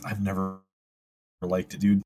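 Low husky baritone dude on a podcast, dry jokes, laid back chat. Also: male voice, completely flat delivery, measured pace, a little mellow. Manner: dry, joking interjections. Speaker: podcast co-host. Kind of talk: casual chat.

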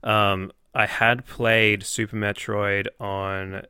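A man's voice: on the low side, flat delivery, slow pace, pushed and bright, smooth, no room sound. Laid-back man, dry sound. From Australia. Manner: laid-back, laughs often. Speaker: podcast guest. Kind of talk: casual podcast chat.

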